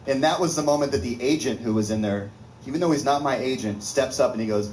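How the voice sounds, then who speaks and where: Man, comedian, stand-up storytelling, animated, laughs as he talks, echoey room. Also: mid-range voice, fast, a little hiss or hum. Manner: animated, laughs through his own story.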